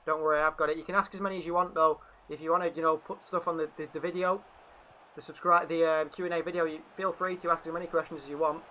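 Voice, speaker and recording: A man's voice: fairly high pitch, level tone, quick pace, pushed and bright, muffled recording, slight background noise. A man hosting a live fan commentary stream, calling the match and reading out viewer chat. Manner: chatty, reads out viewer chat between play calls. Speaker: fan channel host.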